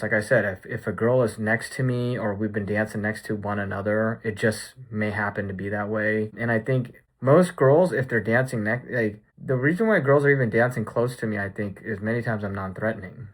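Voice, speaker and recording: A man's voice: lowish voice, fairly bright tone, breathy edge. A man chatting casually in a recap vlog, rambling with lots of "like" and "you know". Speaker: vlogger.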